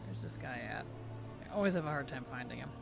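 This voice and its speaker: A man's voice: mid-range voice, lively intonation, fast talker, vocal fry. A man chatting casually on a game live stream, answering viewer chat with easy laughs. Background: background music.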